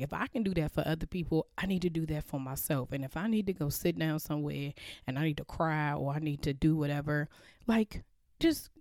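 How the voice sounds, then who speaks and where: A woman in her thirties hosting a podcast, chatting earnestly to listeners in a quiet, slightly crackly voice, recorded in a bedroom at home. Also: low-pitched, no echo, clean studio sound. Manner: open, earnest, filler-heavy, talks quietly to avoid waking others. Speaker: podcast host. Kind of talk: casual chat to listeners.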